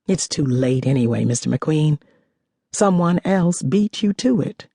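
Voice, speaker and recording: A woman voicing a confident, sharp-witted woman chemist who speaks in a dry, teasing, self-assured way in an audiobook. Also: sits low, expressive, unhurried, vocal fry, slightly rough, dry recording, full character voice.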